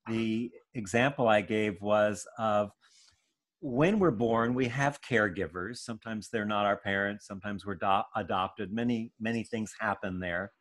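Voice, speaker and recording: A man giving a gentle, searching spiritual talk, with soft hesitations as he thinks. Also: lowish voice, unhurried. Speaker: spiritual teacher.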